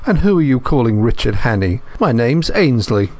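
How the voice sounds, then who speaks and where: A man voicing a rough, surly down-and-out man who whines like a beggar, in an audiobook reading. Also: medium pitch, very animated, moderate pace, darkish tone. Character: surly down-and-out man, hungry and whining. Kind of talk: audiobook character voice.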